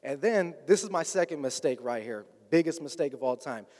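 Guy telling his story, kinda high voice, chatty, quotes people a lot, echoey hall. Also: animated, brisk, a little mellow. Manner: conversational, slips into quoted dialogue. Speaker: guest recounting his past. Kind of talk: personal storytelling. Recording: long hall reverb.

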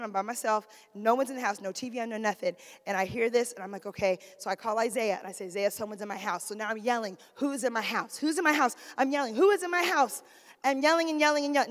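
A middle-aged woman preaches in a church. Her voice sits high, and a long reverb rings around her in the hall. She moves between fiery, shouted exhortation and hushed, conversational storytelling. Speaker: preacher, pastor's wife. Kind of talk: sermon with personal story. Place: church sanctuary.

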